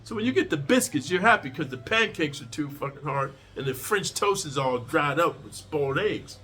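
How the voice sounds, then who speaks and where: A man's voice: on the high side, animated, normal speed, sharp tone. A man telling a prison story in a casual, profane, streetwise way, lecturing his listeners.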